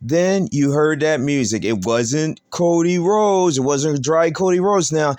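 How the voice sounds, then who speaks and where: Male host for wrestling news commentary; fairly high voice, slow deliberate pace, emphatic and repetitive. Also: a little mellow, dry recording. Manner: emphatic, repetitive, rhetorical questions.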